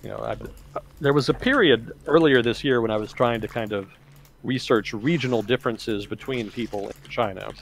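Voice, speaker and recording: Man, podcast host, gravelly, rambling explainer, casual discussion. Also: mid-range voice, moderate pace, slight background noise. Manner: rambling, explanatory, heavy on "kind of" and "you know". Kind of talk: casual talk-show discussion.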